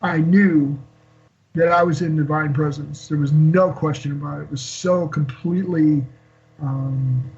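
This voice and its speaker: A man in his sixties, guesting on an interview show, tells an emotional personal story haltingly, with many fillers and restarts. His voice is fairly high, steady and darkish, coming through dull lo-fi call audio.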